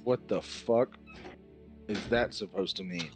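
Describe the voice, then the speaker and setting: A man's voice: on the low side, a little slow, soft background music. Blunt, swearing man at the game table. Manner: blunt, profane, urgent. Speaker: player. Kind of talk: in-character tabletop play, swearing.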